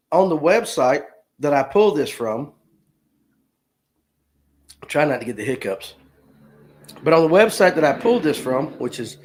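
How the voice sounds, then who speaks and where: A man, hosting a casual live stream, joking and reading viewer comments aloud. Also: mid-range voice. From Georgia, US. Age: 50s. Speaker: livestream host.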